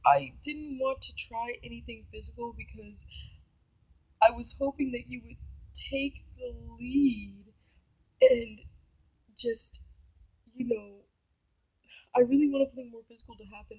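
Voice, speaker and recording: A woman voicing a whiny, pushy young man who pleads in a hushed, near-whispered voice. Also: on the high side, breathy edge, rough recording.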